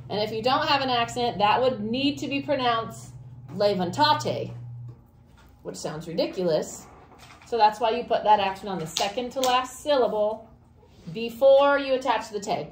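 A woman teaching a Spanish grammar lesson to a class, explaining step by step and asking questions. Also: a little high. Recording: echoey classroom, faint noise.

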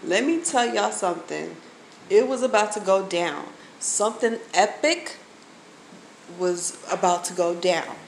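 A woman at a middle pitch rants to her camera, emphatic and profane, calling out to her viewers again and again. The recording carries a clear layer of background noise. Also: rough recording. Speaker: vlogger. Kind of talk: angry venting to camera.

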